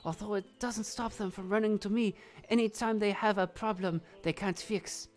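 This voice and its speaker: A woman voicing a bitter, scornful older village witch in a visual novel, with a low, drawling put-on voice and a vague accent. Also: steady tone, moderate pace, soft background music, natural voice. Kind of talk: reading a visual novel aloud.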